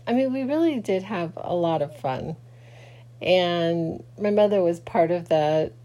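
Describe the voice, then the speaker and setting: A middle-aged woman talking casually and haltingly to her camera late at night, grieving and rambling with many fillers and restarts. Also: on the low side, lively intonation, mellow. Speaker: vlogger. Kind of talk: casual personal talk to camera.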